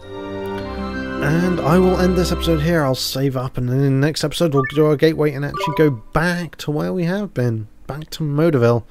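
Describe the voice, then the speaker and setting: A man commentates on his own gameplay in a relaxed way, thinking aloud as he decides his next move. His voice is a bit high. Quiet game music sits in the background. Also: normal speed. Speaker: let's play host.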